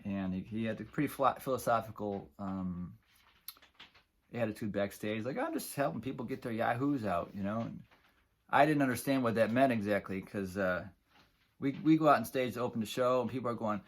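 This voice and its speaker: A man's voice: medium pitch, lively intonation, normal speed, fairly bright tone. A middle-aged man from the Buffalo area telling a casual, rambling story about an old gig, with many fillers and chuckles. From Buffalo area, New York.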